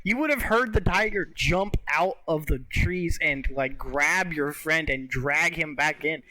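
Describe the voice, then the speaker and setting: A young man co-hosting a podcast, retelling movie scenes in animated casual chat, full of fillers and swearing. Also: a little high, a little slow, dry recording, rough recording. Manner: animated storytelling with frequent filler words, swears. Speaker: podcast co-host.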